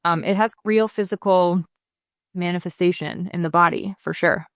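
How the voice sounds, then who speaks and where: Speaking at normal speed in a lowish voice, this woman is a podcast guest describing her bodywork practice. She's earnest and casual, explaining things and animating the people she quotes, in a dry, studio-quality recording.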